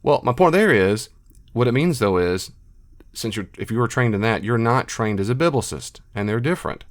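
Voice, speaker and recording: A middle-aged man speaking as a biblical scholar in an unscripted monologue, emphatic and repetitive, with animated asides. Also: mid-range voice, normal speed.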